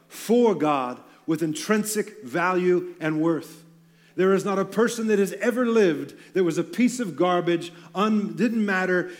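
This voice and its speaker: A man preaching an earnest sermon to church leaders, emphatic and with light self-deprecating humor. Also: high-pitched.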